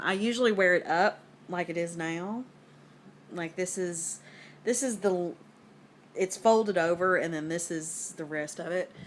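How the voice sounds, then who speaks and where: A woman's voice: fairly low pitch, pushed and bright, slight background noise. A woman in her thirties with a Southern US accent, rambling casually to the camera at home. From American South. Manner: rambling, filler-heavy, conversational. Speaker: vlogger.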